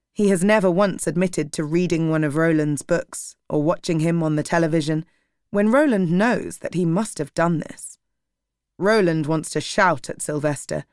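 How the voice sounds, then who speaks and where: A woman narrating an audiobook in a steady, measured way. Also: lowish voice, clean tone, dry recording, studio quality.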